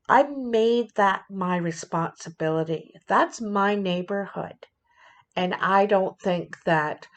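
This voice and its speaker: A woman giving a casual tarot reading in an unhurried, rambling way. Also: medium pitch, a bit bright. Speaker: tarot reader.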